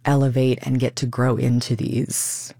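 Expressive woman actor in a dry studio. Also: very deep voice, unhurried, vocal fry, dry recording. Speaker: stage actor, guest. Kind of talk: radio interview.

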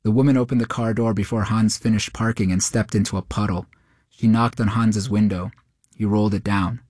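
A man narrating a short story in a steady, measured way. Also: on the low side, no room sound, clean studio sound.

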